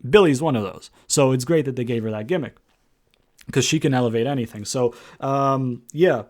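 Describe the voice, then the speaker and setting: A man's voice: mid-range voice, moderate pace. Man rambling through a wrestling recap. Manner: rambling, many fillers and restarts. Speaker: wrestling show reviewer. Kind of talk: casual recap commentary.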